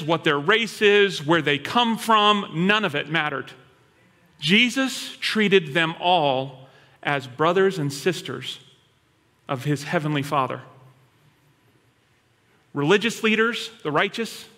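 A male pastor preaching a sermon in an animated storytelling manner. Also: high-pitched. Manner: animated storytelling, acting out quoted voices. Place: church hall. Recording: long hall reverb.

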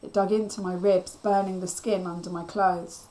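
A woman teacher reading a children's novel aloud with steady storytelling. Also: on the low side, moderate pace.

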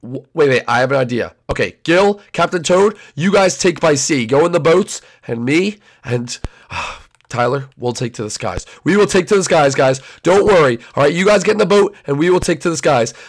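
A man voicing an excitable young koopa prince who hosts a toy role-play, rambling and exclaiming. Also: on the high side, moderate pace, pitched below the performer's own voice. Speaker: host.

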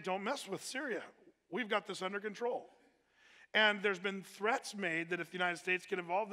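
Guy giving a sermon, high bright voice, lots of uhs and restarts, big echoey hall. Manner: conversational, with many fillers and restarts. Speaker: pastor. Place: church hall. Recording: echoey hall with long reverb.

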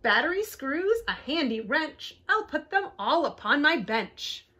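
A woman voicing a small, gentle male robot in a children's picture book, speaking in a soft, sing-song rhyming way. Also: sits high, sing-song, a little slow, exaggerated voice. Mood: busy.

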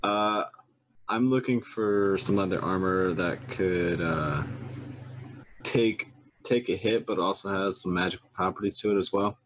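Deep-voiced casual game player. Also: male voice, a little slow. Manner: casual, hesitant in-character asking. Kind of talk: casual tabletop play.

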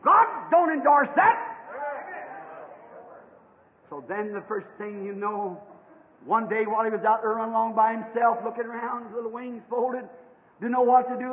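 A man preaches with fervor in a very high voice, shifting from hushed storytelling to loud, shouted appeals. The sound is thin and phone-like, from an old archival recording. A long hall echo trails behind each phrase. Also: moderate pace, long pauses. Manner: rises from low storytelling to shouted exhortation. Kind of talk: fervent sermon storytelling.

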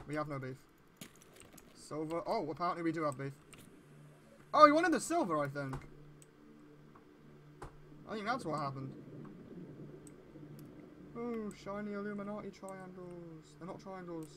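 A man giving gameplay commentary, excitable and swearing a lot, with sudden yelps when something scares him. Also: a little high, measured pace, long pauses, background noise. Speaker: let's play gamer.

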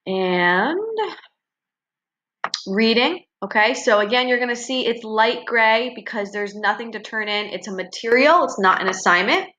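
Bright-voiced woman teacher guiding students. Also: on the high side, a little slow, muffled recording, a little hiss or hum. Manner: encouraging, explains step by step with frequent "okay" and "right". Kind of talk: recorded online class walkthrough.

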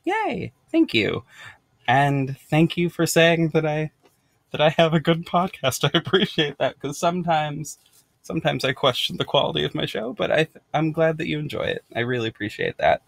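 A man's voice: a little high, normal speed, vocal fry, fairly bright tone, no echo. Bubbly, giggly American man. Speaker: podcast host. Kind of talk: casual unboxing vlog.

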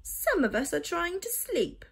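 Woman doing a creaky grumpy old albatross. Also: very high voice, sing-song, unhurried, voice pushed up, heavily acted. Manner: lofty, grumbling. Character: grumpy old male albatross, pompous and sniffy.

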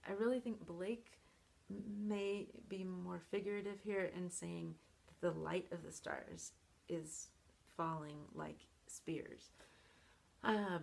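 Woman professor, explaining a poem, heavy vocal fry, husky tone, thoughtful with many pauses. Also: fairly low pitch, darkish tone. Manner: thoughtful, with frequent fillers and restarts. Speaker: college professor.

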